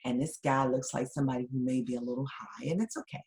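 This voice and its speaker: A woman's voice: extremely low pitch, steady tone, fast talker, darkish tone. A woman presenting a webinar lecture, talking conversationally and checking in with the listeners with frequent "right?".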